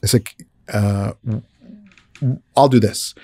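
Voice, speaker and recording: A man's voice: fairly even intonation, takes it slowly, warm tone, dry recording. A man casually recounting a career story, often repeating and restarting words and acting out the lines of the people he quotes. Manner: retells conversations, often raising his pitch for the quoted speakers. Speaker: visual effects artist telling a career story. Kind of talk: casual personal anecdote.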